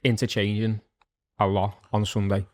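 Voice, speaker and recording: A man co-hosting a podcast, chatting about football in a measured, matter-of-fact way. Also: fairly low pitch, flat delivery, no room sound. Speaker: podcast co-host. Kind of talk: casual football chat.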